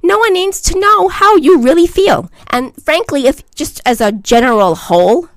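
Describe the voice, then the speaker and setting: A woman's voice: high-pitched, animated, normal speed, dry recording. A woman giving a blunt, emphatic vlog monologue as a social media commentator, lecturing her listeners.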